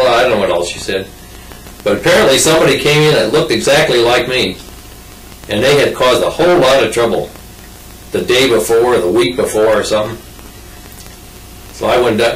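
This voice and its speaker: A mid-range male voice, picked up from a distance with a little hiss or hum, belongs to an older man telling a folksy, meandering story about his life. It's casual oral history, full of restarts and asides, with roomy off-mic sound.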